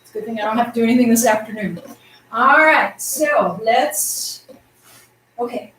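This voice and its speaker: A woman's voice: a little high, normal speed, slight background noise. Upbeat woman leading tai chi, echoey. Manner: upbeat, encouraging, counts out moves; projecting her voice loudly. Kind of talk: guiding an exercise class. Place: exercise room indoors. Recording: echoey room, voice from a distance.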